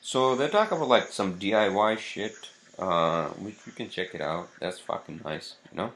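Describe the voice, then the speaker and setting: A man's voice: deep voice, fairly bright tone. A man hosting a casual vlog, ranting profanely and rambling with many fillers. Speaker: vlog host.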